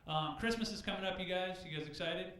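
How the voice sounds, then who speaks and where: A man doing a stand-up comedy set at an open mic, animated and loud, jumping into high shouted bits. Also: fast talker. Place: comedy club stage. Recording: very echoey club room.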